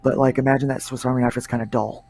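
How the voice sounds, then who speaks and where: A man's voice: mid-range voice, little pitch movement, rapid-fire, a little mellow, a little hiss or hum. A man, a comic creator and pastor, chatting casually as a guest and rambling with lots of fillers. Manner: laid-back, rambling with many fillers. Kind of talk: casual livestream chat.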